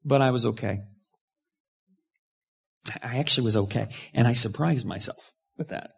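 A man preaching a sermon as a pastor, telling a personal story with lively swings between hushed asides and loud outbursts. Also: mid-range voice, moderate pace, creaky, husky.

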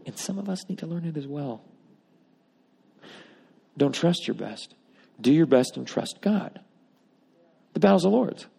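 A man's voice: a little high, animated, a little slow, vocal fry, pauses often, warm tone, slightly rough. A man preaching a sermon, emphatic with wry asides, reading scripture aloud. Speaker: pastor. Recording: long reverb of a large hall.

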